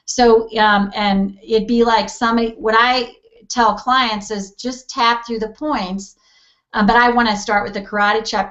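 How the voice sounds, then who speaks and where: A woman's voice: a little high, a bit bright, dull audio. A woman guest in a casual interview, talking animatedly and acting out quoted voices with easy laughs. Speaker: interview guest, EFT practitioner.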